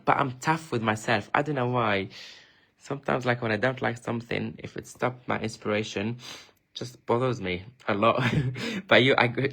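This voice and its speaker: A man's voice: medium pitch, vocal fry. A man presenting his craft projects on a casual live stream, chatty and enthusiastic, often restarting sentences and thanking viewers. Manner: reads viewer comments and thanks them warmly.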